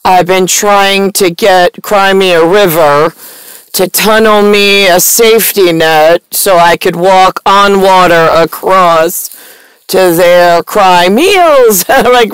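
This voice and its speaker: A woman's voice: fairly low pitch, clean tone, no room sound, low-quality recording. A woman talking to her viewers in a meandering, stream-of-consciousness monologue full of ums and restarts. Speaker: vlogger. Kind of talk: rambling monologue to camera.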